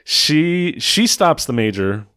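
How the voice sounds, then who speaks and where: A man's voice: on the high side, very animated, takes it slowly, bright, forceful tone, clean tone, no room sound, studio quality. A man recapping a film in casual chat, sarcastic and mocking, often slipping into put-on voices to quote lines. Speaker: podcast host recapping a film.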